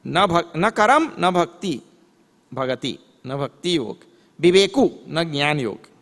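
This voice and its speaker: A swami gives a spiritual lecture in a sing-song, slightly bright voice on the high side, explaining scripture terms and posing rhetorical questions. He recites verses in a slow chant, and a long hall reverb surrounds him.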